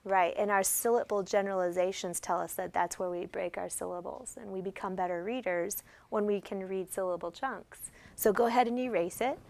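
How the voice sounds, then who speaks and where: A woman's voice: medium pitch, steady tone, brisk, vocal fry, few pauses, a little mellow, dry recording. A woman teacher giving classroom instruction, guiding students step by step with patient questions. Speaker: special education teacher.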